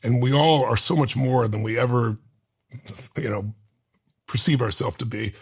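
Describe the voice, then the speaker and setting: A man in his sixties with a gravelly, very raspy voice, earnestly telling a personal story in an interview. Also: medium pitch, moderate pace. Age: 60s. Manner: earnest, tearful at times, acts out quoted voices. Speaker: guest.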